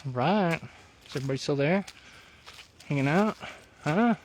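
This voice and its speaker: Man from Colorado, live-vlog host: bright, high-ish voice, very animated delivery, chatty and restless. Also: normal speed, a little hiss or hum. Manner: animated, chatty, keeps asking viewers "huh?". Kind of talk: casual live chat. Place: outdoors on a mountain.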